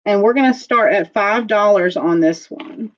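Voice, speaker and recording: A woman hosting a casual live-streamed jewelry auction, chatting slowly as she describes pieces and calls out viewer bids. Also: medium pitch, dull audio.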